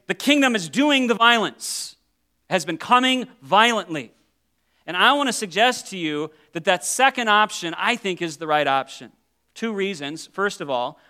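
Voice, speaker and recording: A man preaching in a high, bright voice. His delivery is emphatic and persuasive, slowing down to lean hard on key phrases. The tone is smooth and clear throughout. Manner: emphatic, persuasive teaching with slowed stressed phrases. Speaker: pastor. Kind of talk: sermon.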